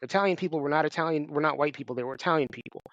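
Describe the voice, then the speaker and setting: A man in his forties from New York hosts a podcast chat with a somewhat raised pitch. He speaks bluntly and with emphasis. The recording is a little dull and lo-fi but dry. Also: rapid-fire, fairly bright tone, dry recording. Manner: emphatic, blunt, casually profane. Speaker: podcast host. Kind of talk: casual conversational interview. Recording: slightly dull, lo-fi sound.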